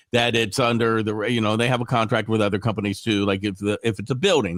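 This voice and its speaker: A man's voice: medium pitch, a bit bright, no room sound, clean studio sound. Congested man, rambling through a cold. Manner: rambling, full of fillers and restarts. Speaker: guest radio host. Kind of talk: casual chat.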